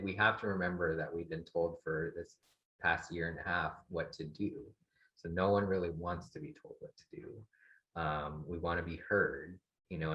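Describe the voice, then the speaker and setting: A man with a very low voice gives family advice as an expert in an online talk, pausing often and restarting his thoughts. The sound is dull and lo-fi. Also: fairly bright tone. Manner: thoughtful, halting with many fillers. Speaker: psychologist guest expert.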